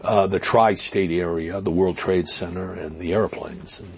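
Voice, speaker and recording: A man with a Boston accent answering interview questions, halting with fillers and restarts, stressing words with emphasis, heard on dull lo-fi audio. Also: sits low, steady tone, gravelly, a little mellow, slightly rough. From Massachusetts. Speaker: interview guest.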